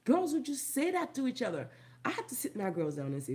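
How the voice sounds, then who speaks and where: A woman from Haiti, a vlogger and comedian, ranting loudly and emphatically with a lot of laughter. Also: wildly swooping pitch, fast. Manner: loud, emphatic, profane, laughing, big pitch swings. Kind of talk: ranting commentary vlog.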